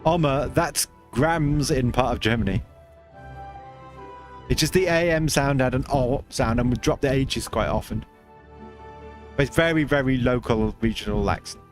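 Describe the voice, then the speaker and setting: A man's voice: medium pitch, normal speed, long pauses, faint music behind. A man hosting a casual game livestream, chatting loosely and answering viewers' chat as he plays. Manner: chatty, reads chat aloud, rambling with restarts. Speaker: livestream host.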